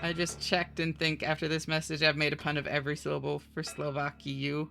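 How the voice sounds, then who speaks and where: A woman's voice: deep voice, flat delivery, fast, vocal fry, sharp tone, soft background music. A woman streaming a video game live, bantering with chat in a flirty, teasing way and trading puns.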